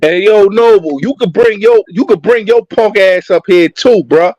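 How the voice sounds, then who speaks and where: A man's voice: sits high, normal speed, a little mellow, no echo, muffled recording. A man on a live-stream call, brash and crude in his teasing, speaking. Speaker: caller. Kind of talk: casual chat.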